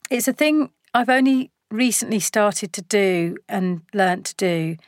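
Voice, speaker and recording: A middle-aged woman chatting casually as a guest, animated and laughing, acting out quoted lines. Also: medium pitch, unhurried, no room sound, clean studio sound. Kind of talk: casual chat.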